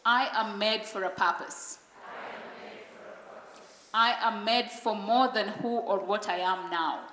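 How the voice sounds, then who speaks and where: A woman's voice: medium pitch, steady tone, slow pace, long pauses, bright, forceful tone, a little hiss or hum. A woman giving a motivational speech at a conference, speaking in short emphatic declarations and leading the audience in repeated affirmations. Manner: leads the audience in call-and-response. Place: large conference hall. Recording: long hall reverb.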